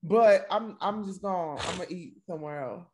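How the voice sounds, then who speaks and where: A woman's voice: lowish voice, fairly quick, darkish tone. A woman guest on a casual podcast, laid-back and self-deprecating. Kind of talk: casual chat.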